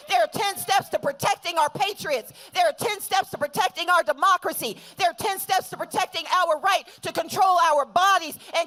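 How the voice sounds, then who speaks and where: A woman giving an impassioned political speech at an outdoor protest rally, building from steady argument to rousing call-and-response chants. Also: very high voice, normal speed, few pauses, poor audio. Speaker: rally speaker.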